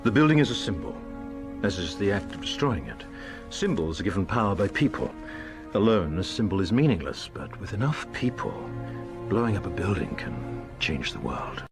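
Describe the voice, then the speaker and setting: A masked male revolutionary, deep and low, gliding through wide rises and falls. He lays out each idea with calm, declamatory weight while film music swells behind him. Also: creaky, full character voice. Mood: solemn. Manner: measured, declamatory speech. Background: film score music.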